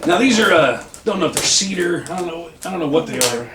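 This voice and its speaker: A man co-hosting a casual unboxing chat, reacting with lots of excited exclamations. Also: on the high side, fast talker. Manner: excitable, lots of wows and oh-mans. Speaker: co-host unboxing products. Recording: echoey room, far from mic, background noise.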